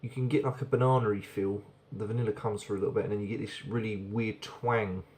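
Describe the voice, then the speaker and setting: A man's voice: on the low side, fairly even intonation, a little fast, a little mellow, a little hiss or hum. A man casually reviewing a beer on camera, chatty and rambling, often repeating words as he goes.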